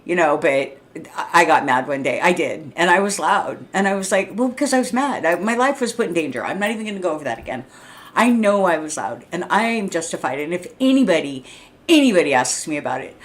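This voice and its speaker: A middle-aged woman ranting to camera in a blunt, profane, heated way, often clearing her throat. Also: low-pitched. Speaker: vlogger. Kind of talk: unscripted rant to camera. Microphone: streaming setup mic.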